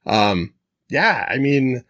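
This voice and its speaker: A man's voice: mid-range voice, animated, drawn-out words, a bit bright, dry recording, clean studio sound. A man co-hosting a casual podcast, talking in a thoughtful, reflective way. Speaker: podcast co-host. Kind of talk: casual chat.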